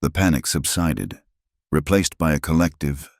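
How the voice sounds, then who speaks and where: Narrator: man, extremely low voice, measured dramatic storytelling, dry close sound. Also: gravelly, no echo.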